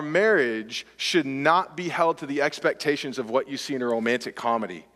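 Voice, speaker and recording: A man from Texas preaching a sermon as pastor, swinging from impassioned outbursts to quiet, earnest appeals. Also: mid-range voice, moderate pace, few pauses, in a large hall. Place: church sanctuary.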